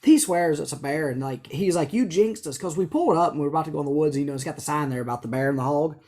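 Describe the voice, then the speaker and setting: A man, a guest telling an animated hunting story and acting out the dialogue. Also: a little high, very fast. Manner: animated, laughing storyteller who acts out dialogue. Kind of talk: casual storytelling chat.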